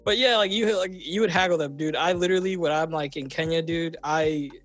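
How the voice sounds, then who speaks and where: A young man hosting a casual podcast chat, telling lively anecdotes and acting out the people in them. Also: fairly high pitch, fairly quick. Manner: animated storyteller, acts out voices in anecdotes. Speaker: podcast host.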